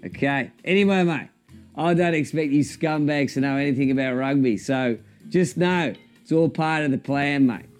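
A man's voice: fairly high pitch, normal speed, soft background music, close to an everyday voice. A man doing a comedy impression of a defensive, cocky older male rugby coach, ending every line with "mate". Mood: defiant.

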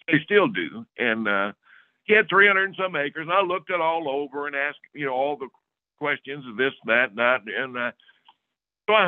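Lively man telling a story over a tinny line. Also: on the high side, dry recording. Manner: lively storyteller, acting out other people's lines. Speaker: podcast guest. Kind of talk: casual storytelling. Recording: tinny phone-like dry recording.

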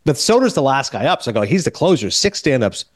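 A man's voice: medium pitch, fast, no echo, studio quality. A man hosting a film podcast, telling a casual story and acting out the quoted lines of others. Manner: animated, acts out quoted dialogue. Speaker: podcast host.

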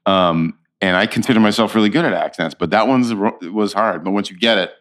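Actor guy w/ a super deep voice, chatting thru stories, lots of restarts. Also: a little fast. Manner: animated storyteller with frequent restarts and laughs. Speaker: actor, interview guest. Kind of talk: conversational anecdotes.

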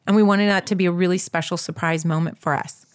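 A woman telling a personal story in a casual, animated way, talking straight to her listeners and skipping details with quick filler. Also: fairly low pitch, clean tone. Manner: animated, addresses listeners as "you guys"; fills gaps with "da, da, da".

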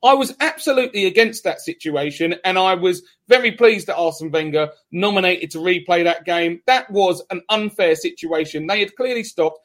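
A man's voice: high-pitched, moderate pace, few pauses, a bit bright. A man hosting a football podcast, talking emphatically and arguing his point. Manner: emphatic, argumentative. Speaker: podcast host. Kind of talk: casual podcast chat.

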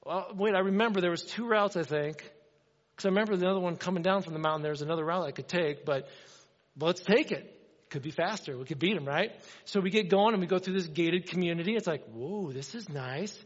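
A middle-aged man preaching a sermon, telling a story with animated energy and acting out the dialogue. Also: high voice, quick pace. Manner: animated, acts out dialogue in his stories. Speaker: pastor. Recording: dull sound with long hall reverb.

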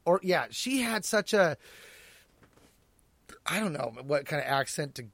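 A man chatting casually as a podcast co-host, animated and laughing often as he acts out quoted lines. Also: fairly high pitch, a little slow, vocal fry, dry recording. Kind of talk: casual chat about an audio drama.

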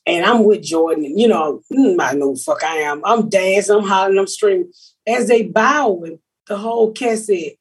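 Raspy, brash, profane woman storyteller. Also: medium pitch, fairly quick. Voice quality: very rough, raspy voice. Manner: brash, profane storytelling with big animated quotes. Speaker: comedian and podcast host. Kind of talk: casual chat.

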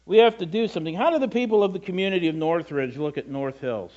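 A man's voice: high-pitched, lively intonation, fast, a little mellow, muffled recording. A middle-aged male pastor preaching a sermon in a conversational way, with self-deprecating asides and frequent repetitions.

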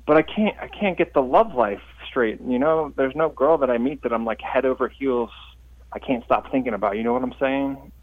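A man's voice: mid-range voice, moderate pace. A male caller speaks earnestly and candidly to a radio host. His voice comes through a tinny, narrow phone line. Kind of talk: phone-in conversation.

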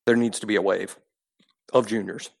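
A man's voice: lowish voice, steady tone, normal speed, vocal fry. Rambling man talking football. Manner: rambling, self-interrupting. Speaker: podcast co-host. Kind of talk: casual sports chat.

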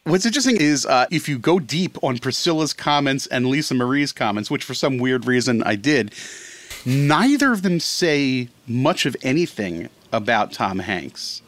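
A man talking as a guest in a casual podcast chat, animated and rambling, often correcting himself mid-sentence. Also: medium pitch, moderate pace. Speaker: film critic guest.

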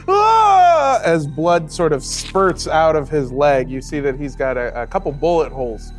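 A man narrating a tabletop game as its game master, animated and laughing often. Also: a little high, normal speed, soft background music.

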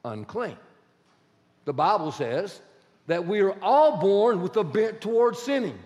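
High-voiced preacher in a reverberant hall. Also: male voice, a little slow. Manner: quizzes the congregation, animated and emphatic. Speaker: pastor. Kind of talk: sermon.

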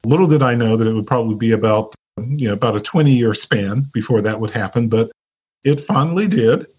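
Here a man's medium-pitched, darkish voice with a breathy edge comes through at a brisk clip. He's a North Carolina nurse leader, a guest telling his story in an easygoing interview, chatty, with many fillers and frequent laughter.

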